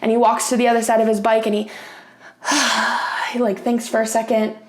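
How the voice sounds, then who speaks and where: A young woman tells a story to her camera in a loose, chatty way, full of fillers and casual swearing. Her voice sits a little high, and the room around her has a noticeable echo. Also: level tone, moderate pace. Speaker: craft vlogger.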